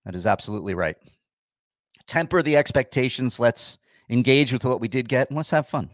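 A man's voice: mid-range voice, expressive, fairly quick, no echo, clean studio sound. A man hosting a casual livestream, chatting with viewers in a sarcastic, grumpy way. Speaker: livestream host.

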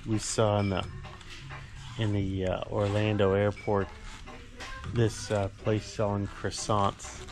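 A man's voice: fairly low pitch, flat delivery, slow, pauses often, over music. A man casually narrating a food vlog, chatty and playful as he tastes dishes. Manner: chatty, playful commentary while tasting food. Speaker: travel vlogger. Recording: loud street noise behind.

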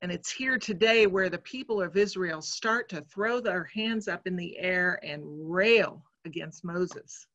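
A woman preacher giving a sermon in a church, speaking in a measured, reflective way. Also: lowish voice, fairly bright tone, highs cut off.

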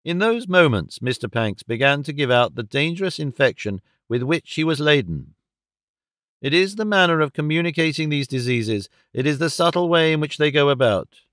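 A man narrating a classic novel in a steady, composed reading. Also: fairly high pitch, normal speed, smooth, no echo, clean studio sound. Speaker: audiobook narrator. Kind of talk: scripted narration.

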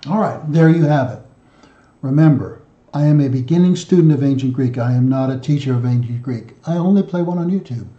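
A man doing his study homework aloud on camera, reading through word endings one by one in a slow, methodical way. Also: medium pitch, echoey room, lo-fi sound. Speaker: founder of a study group, self-taught student. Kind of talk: solo study video, reading declensions aloud.

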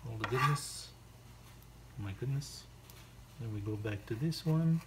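Slow, chatty man cooking at home. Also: mid-range voice. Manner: chatty, talks to himself and his dog while chopping. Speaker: home cook hosting a cooking video. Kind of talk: casual cooking demonstration. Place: home kitchen. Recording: loud kitchen noise throughout. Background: chopping, clinking dishes and cutlery.

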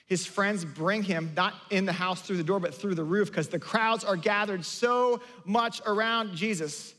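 A man preaching a sermon as pastor, conversational and animated, with frequent restarts and acted-out quotes. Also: high voice, a little slow. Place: church sanctuary.

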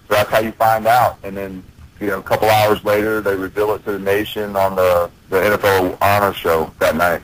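Deep-voiced man telling his story on radio. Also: fairly bright tone, poor audio. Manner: earnest storytelling with frequent restarts. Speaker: interview guest, retired football player. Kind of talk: radio interview.

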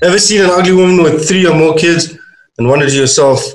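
A young man from South Africa co-hosting a comedy podcast, reading tweets aloud and laughing between jokes. His voice sits a little high, and the room adds a noticeable echo. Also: fast talker. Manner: joking, reads tweets aloud, laughs often. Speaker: podcast co-host. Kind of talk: casual comedic chat.

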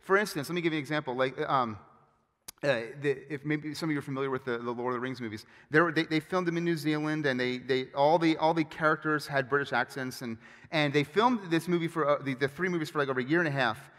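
A man preaching a sermon as pastor, with animated, emphatic storytelling and frequent restarts. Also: on the high side, quick pace. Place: church sanctuary. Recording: long hall reverb.

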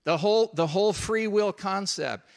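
Man preaching, earnest and chatty, a bit higher voice. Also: moderate pace, vocal fry. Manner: earnest, conversational, emphatic. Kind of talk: sermon.

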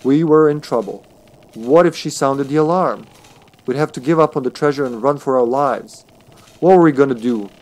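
A man's voice: mid-range voice, normal speed. A man streaming a text game, narrating it aloud with chatty, jokey asides. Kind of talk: casual game narration with commentary.

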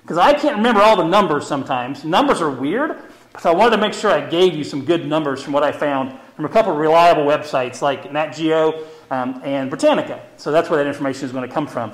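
A man's voice: a little high, lively intonation, fast talker. A man hosting a live zoo education program, chatty and upbeat, explaining how animals are grouped with memory tricks. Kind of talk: live educational stream, casual teaching. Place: indoor room at a zoo. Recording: echoey room.

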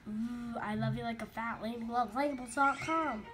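A woman vlogger giving casual commentary as she browses websites, excitable and quick to gasp and exclaim at what she sees. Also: a little high. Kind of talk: casual screen-recording commentary. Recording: music clearly audible behind voice.

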